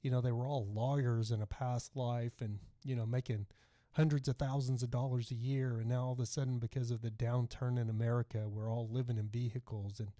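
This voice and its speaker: This podcast host, a middle-aged man from Texas, speaks with a soft twang and a dark, mellow tone at a medium pitch that barely moves. He talks a little fast, wandering from topic to topic and reading out viewers' comments on his casual livestream. The audio sounds close and dry, free of any room echo.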